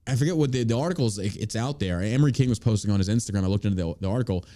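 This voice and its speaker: A man's voice: fairly low pitch, very fast, mellow. A man hosting a podcast, ranting angrily and cursing in casual chat. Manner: angry profane ranting. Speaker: podcast host.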